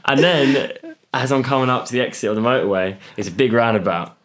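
A young man chatting casually on a podcast, telling an animated story with laughter and acted-out voices. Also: mid-range voice, quick pace. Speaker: podcast co-host. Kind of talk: casual chat.

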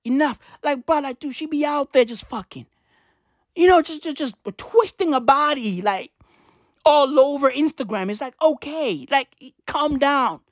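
A woman's voice: sits high, animated, moderate pace, dry recording, clean studio sound. A young woman ranting in a profane comic monologue, slangy and repetitive, laughing at her own jokes.

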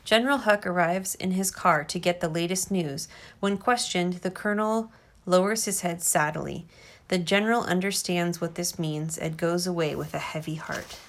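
A woman reading a storybook aloud to her child, gentle and expressive. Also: lowish voice, moderate pace.

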